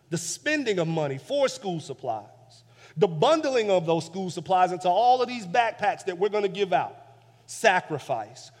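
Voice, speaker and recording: A man preaching a sermon as pastor, building emphasis through repeated phrases, with swings from soft low passages to loud peaks. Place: church sanctuary. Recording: long church reverb.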